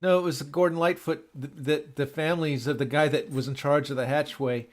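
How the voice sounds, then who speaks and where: A man co-hosting a casual group chat, telling rambling, halting stories. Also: a little high, fairly even intonation. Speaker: podcast co-host.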